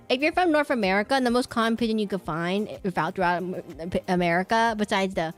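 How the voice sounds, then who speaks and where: A young woman with a medium-pitched voice chats casually on a live stream as she draws. She rambles playfully, loops back over her own words and drifts between topics. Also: fast talker, hardly any pauses, faint music behind. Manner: rambling and playful, repeats words, hums and does silly bird noises. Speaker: VTuber streamer. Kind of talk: casual live-stream chat while drawing.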